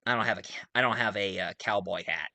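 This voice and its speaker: Bright man with a put-on Australian accent. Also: lowish voice, fast talker, dry recording. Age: 40s. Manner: chatty, self-correcting, laughs between remarks. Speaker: movie reviewer. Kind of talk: casual video review.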